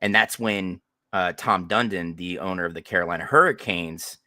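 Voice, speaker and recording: A man hosting a casual sports podcast, talking forcefully with sarcastic asides. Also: low voice, moderate pace, no room sound, studio quality. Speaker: podcast host.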